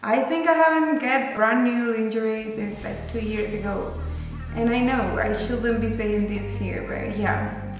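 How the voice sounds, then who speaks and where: A woman from Cuba, gushing excitedly through an unboxing haul vlog. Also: a little high, unhurried, soft background music. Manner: gushing and excitable, gasping over each item. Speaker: fashion vlogger. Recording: echoey room with long reverb.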